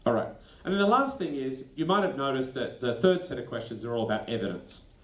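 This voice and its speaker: A man presenting a lively workshop to school leaders, animated and acting out quick snippets of dialogue. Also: mid-range voice. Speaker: education consultant presenting a workshop. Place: training venue. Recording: echoey room.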